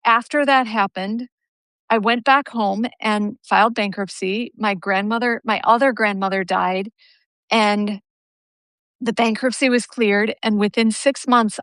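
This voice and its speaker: Woman telling a story real animated on a video call, dry close sound. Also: mid-range voice, no room sound. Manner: animated storytelling, laughs easily. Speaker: guest yoga teacher. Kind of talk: casual chat on a live video call.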